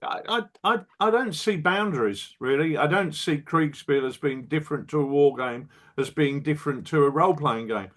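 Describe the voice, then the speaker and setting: Older man with a higher voice, stammering restarts. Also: moderate pace, few pauses, fairly bright tone. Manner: stammering restarts, wry and blunt. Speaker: wargame rules designer, podcast regular. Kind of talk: casual podcast chat.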